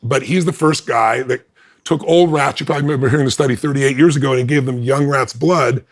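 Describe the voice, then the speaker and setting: A man as an interview guest, telling a personal story in an animated way and acting out the quoted dialogue with big swings in pitch. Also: fast.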